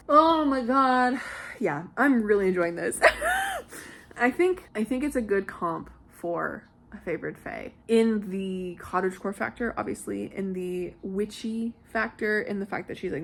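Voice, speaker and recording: Canadian woman rambling about books to camera, super animated, drops the odd swear, mid-pitched voice. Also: vocal fry. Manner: animated and chatty, swears casually. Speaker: author and book vlogger. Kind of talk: casual vlog talk.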